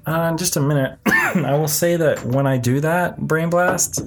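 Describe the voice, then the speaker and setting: A man in his thirties or forties co-hosting a casual podcast with his wife, a relaxed storyteller who acts out what he said. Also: fairly high pitch, moderate pace. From Colorado, USA. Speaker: podcast co-host. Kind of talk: casual chat.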